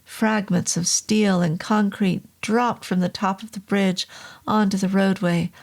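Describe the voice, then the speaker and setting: A woman narrating a horror novel in a slow, measured reading. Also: mid-range voice, fairly even intonation, creaky, a little mellow.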